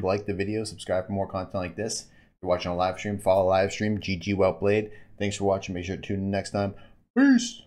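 A man streaming a video game and talking over his play, swinging from calm build talk to excited yelling at big plays. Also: low-pitched. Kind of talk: gameplay commentary.

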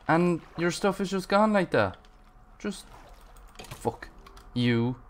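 Guy playing minecraft, talks slow, grumbles and swears at the game nonstop. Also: high voice, animated, slight background noise. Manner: frustrated, swearing, rambling to himself. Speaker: gaming channel host. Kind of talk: Minecraft gameplay commentary.

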